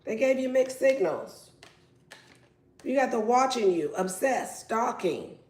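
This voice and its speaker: A woman's voice: fairly high pitch, expressive, takes it slowly, a little mellow. A woman giving a casual tarot reading in a brash, playful and profane way. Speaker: tarot reader. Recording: roomy echo.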